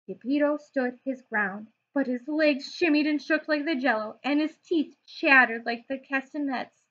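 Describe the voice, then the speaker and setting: A woman teacher reading a children's storybook aloud in a lively way, stopping to explain words for young listeners. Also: sits high, unhurried. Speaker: preschool teacher. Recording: dull lo-fi recording.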